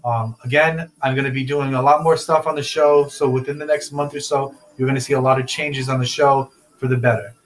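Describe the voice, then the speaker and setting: A man's voice: mid-range voice, steady tone, fairly quick, hardly any pauses, slight background noise. A young man hosting a casual talk show, loose and rambling, laughing often. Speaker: podcast host. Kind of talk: casual chat.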